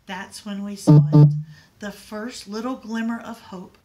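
A woman's voice: medium pitch, unhurried, dark tone, lightly acted. A woman voicing a loving father who speaks with tearful emotion. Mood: emotional. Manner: emotional, crying out.

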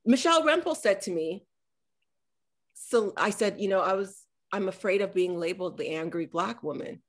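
Animated woman in her forties telling stories. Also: medium pitch, moderate pace. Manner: animated storyteller acting out dialogue. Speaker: author and former politician. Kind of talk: conversational talk on a panel.

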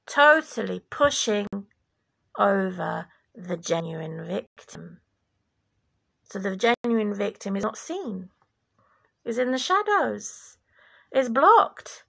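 A woman from former Yugoslavia giving an impassioned religious monologue, deliberate and preachy, sometimes dropping to a whisper. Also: mid-range voice, big pitch swings, creaky, a bit bright. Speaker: vlogger.

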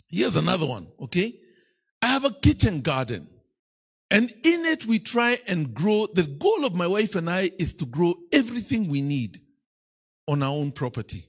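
A man's voice: high voice, sing-song, normal speed, breathy edge. A man with a Kenyan accent preaching a sermon as a bishop, telling playful stories and teasing the congregation. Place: church.

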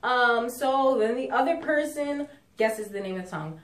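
A young woman vlogger in casual chat, giggly and animated. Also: fairly high pitch, measured pace, noisy background. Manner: giggly, animated, sings along. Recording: echoey room, mic at a distance, music behind.

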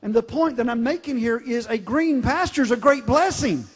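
A middle-aged man preaching a sermon, emphatic, swinging from loud declarations to quiet storytelling. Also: very high voice, lively intonation, moderate pace, breathy edge. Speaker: pastor. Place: large church sanctuary. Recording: long hall reverb.

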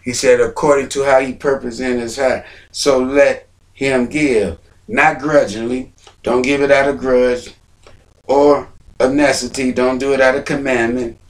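Guy preaching, repeats himself, swells up loud now and then, mic a bit far off. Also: medium pitch, fairly even intonation, a little slow. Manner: repeating phrases, rising to near-shouts. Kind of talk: sermon.

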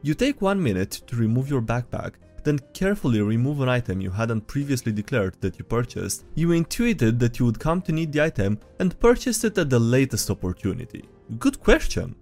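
A man casually reads out gaming memes and reacts to them, laughing and joking as he goes. His voice sits at a middle pitch and moves up and down a lot. Faint music plays behind him. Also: sing-song, darkish tone. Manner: playful, laughs often, quick asides. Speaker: video host reading memes. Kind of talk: casual meme commentary.

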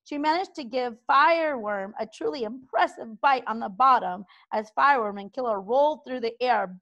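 A woman reading a children's book aloud with expressive narration. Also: a little high. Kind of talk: storybook read-aloud.

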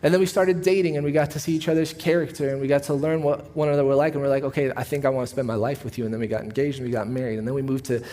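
A man who is a pastor, preaching a sermon in a church auditorium. He talks in a relaxed, conversational way, telling stories with a joking edge. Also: a little high, racing, few pauses. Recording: long reverb of a church hall.

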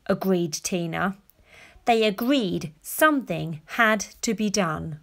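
A woman reading a children's picture book aloud, gently and expressively. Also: medium pitch, lively intonation, slow, vocal fry. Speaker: storyteller.

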